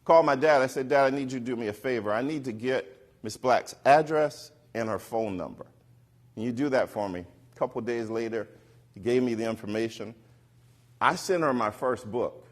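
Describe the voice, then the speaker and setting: A middle-aged man on stage telling a personal story to an audience, animated and acting out the voices of the people he quotes. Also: on the low side. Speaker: keynote speaker. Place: stage before a live audience.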